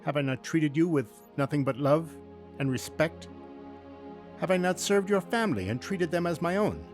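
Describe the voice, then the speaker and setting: A man's voice: a little high, lively intonation, normal speed, faint music behind, pitched above the performer's own voice, natural voice. A man voicing a heartbroken, principled young male carpenter in a dramatized Bible story, with a pleading, trembling delivery. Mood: anguished.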